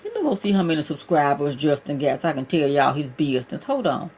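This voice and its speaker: A woman's voice: low voice, sing-song, fast talker, darkish tone, slight background noise. A woman hosting her own livestream, chatting casually with viewers and calling them "y'all" and "child". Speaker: livestream host.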